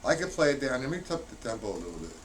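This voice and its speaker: A man teaching a drum lesson on a live stream, counting beats out loud and punching the accented ones. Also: medium pitch, big pitch swings, very fast. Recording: distant mic, loud background noise.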